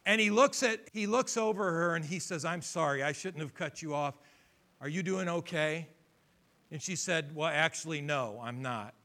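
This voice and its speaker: A man preaching a sermon, telling a story with quoted dialogue and building to loud exhortations. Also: a little high, normal speed. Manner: retells conversations in quoted voices, builds to shouted exhortation. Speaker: pastor.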